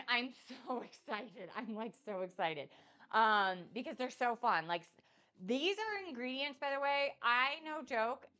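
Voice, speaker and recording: Upbeat woman streamer with a slight lisp. Bright, pushy tone and a raised pitch, with soft music underneath. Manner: bubbly, excitable, chatty. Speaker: cooking streamer. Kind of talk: casual live-stream chat.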